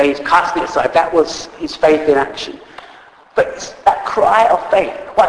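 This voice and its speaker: A man preaching a sermon in an earnest, unscripted way, reading scripture aloud and correcting himself as he goes. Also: fairly high pitch. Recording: echoey hall reverb.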